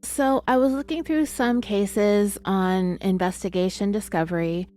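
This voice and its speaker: A woman's voice: medium pitch, a little slow, hardly any pauses, dark tone, faint music behind. A woman hosting a true crime podcast, talking in a candid, confessional, chatty way with plenty of fillers while fighting off hiccups. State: has hiccups. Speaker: podcast host.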